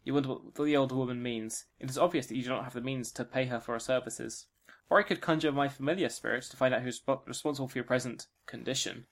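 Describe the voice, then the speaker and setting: A man runs a tabletop adventure, reading narration and breaking into jokes and laughter. His voice sits at a mid pitch. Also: fast talker. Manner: joking, playful, laughs often. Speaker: game master. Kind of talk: narrating a tabletop game with banter.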